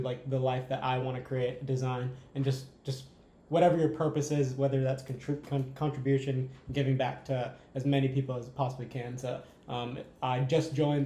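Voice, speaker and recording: A man's voice: medium pitch, mellow, roomy sound. A man talking casually and enthusiastically as a podcast guest, rambling and asking "right?" often. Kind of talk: casual conversation.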